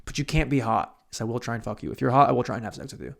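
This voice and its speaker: A man's voice: mid-range voice, rapid-fire, creaky, fairly bright tone. Crude rambling man hosting a solo podcast. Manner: crude, rambling, self-mocking, swears freely. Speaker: podcast host. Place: home studio room.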